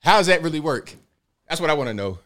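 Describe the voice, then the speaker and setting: A male host of a live commentary show, talking in an animated way and firing off rhetorical questions. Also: on the high side, fast, slight background noise.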